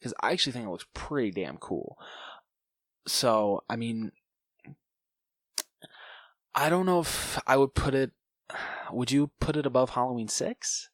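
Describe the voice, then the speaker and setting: A man's voice: medium pitch, expressive, a little slow, long pauses, no echo. A man co-hosting a casual podcast chat at a house, laid-back and chatty. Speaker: podcast co-host. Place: house at night.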